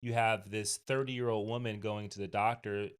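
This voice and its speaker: A man's voice: on the low side, steady tone, normal speed, clear, resonant tone. A man co-hosting a podcast, talking casually with frequent restarts and "right?" tags. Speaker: podcast co-host.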